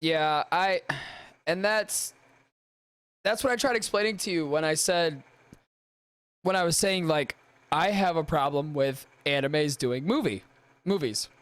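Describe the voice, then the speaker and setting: A man's voice: fairly high pitch, unhurried, long pauses, a bit bright, no room sound. A man who is a guest on a podcast, talking casually and bantering with some swearing. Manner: laid-back, swearing banter.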